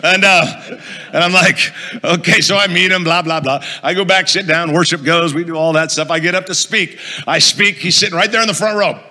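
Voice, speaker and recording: A man's voice: sits high, brisk, bright, forceful tone, in a large hall. A male pastor preaching a sermon, telling a funny story and quizzing the audience as he goes. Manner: storytelling, asks the audience questions, jokey.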